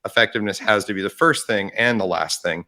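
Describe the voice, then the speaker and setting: A man's voice: fairly low pitch, fast, sharp tone. A man co-hosting a podcast in casual chat, thoughtful and hedging his points. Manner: thoughtful, hedging with "I think" and restarts. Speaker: podcast co-host.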